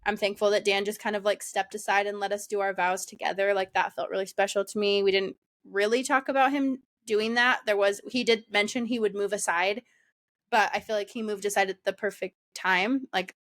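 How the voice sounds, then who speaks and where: A young woman, a podcast co-host, chatting casually, laughing often and acting out quotes in a higher voice. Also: fairly even intonation, fairly quick, a bit bright. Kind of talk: casual chat.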